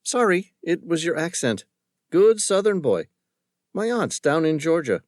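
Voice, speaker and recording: A man's voice: fairly high pitch, big pitch swings, a little slow, a little mellow, no echo, clean studio sound, pitched above the performer's own voice. A male narrator voicing a cheerful young woman who sells coffee from a street truck, in a raised, chirpy voice.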